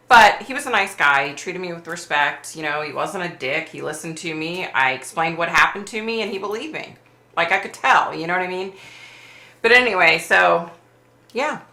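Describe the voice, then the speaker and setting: A woman's voice: fairly low pitch, echoey room. A woman hosting a casual livestream, telling a story animatedly and acting out the lines of the people in it. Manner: animated storyteller acting out quoted exchanges, laughs often. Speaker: livestream host.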